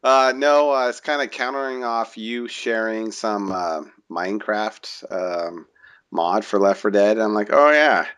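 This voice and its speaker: Deep-voiced laid-back young man. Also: steady tone. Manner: laid-back, halting, many "uh"s, chuckles. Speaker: podcast co-host. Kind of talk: casual chat.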